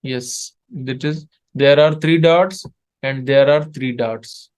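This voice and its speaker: A man teaching letters in an online lesson, patiently repeating sounds in halting English. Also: mid-range voice, steady tone, a little mellow, smooth. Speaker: Arabic tutor. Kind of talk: one-on-one online language lesson.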